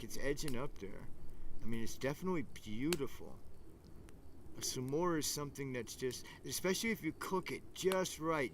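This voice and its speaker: A man's voice: mid-range voice, a bit bright, a little hiss or hum. A man hosting a casual fireside livestream outdoors, rambling enthusiastically and talking to viewers in the chat. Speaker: livestream host. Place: outdoors by a campfire.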